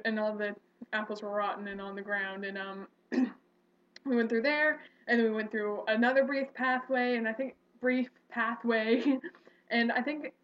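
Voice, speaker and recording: A young woman with a somewhat high voice tells a story from her past in a loose, rambling way, full of fillers and restarts. The recording sounds dull and lo-fi. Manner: animated, rambling, with fillers and self-corrections. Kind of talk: casual storytelling.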